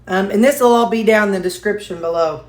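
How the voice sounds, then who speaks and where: A woman's voice: mid-range voice, fast talker, darkish tone. A woman chatting folksily to viewers while cooking in her home kitchen. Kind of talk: casual cooking vlog chat. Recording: echoey kitchen with dish clatter.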